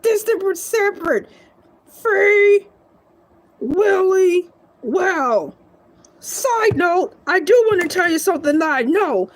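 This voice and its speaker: A woman voicing a goofy, rambling male shark celebrity who giggles and stretches his words out in a comedic monologue. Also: very high voice. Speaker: show guest.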